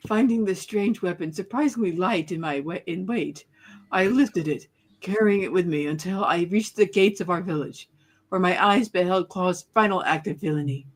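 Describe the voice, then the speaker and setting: Grieving young prince read by a woman, solemn and measured. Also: lowish voice, lightly acted. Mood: grim. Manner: solemn, measured first-person narration. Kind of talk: dramatic comic narration read aloud.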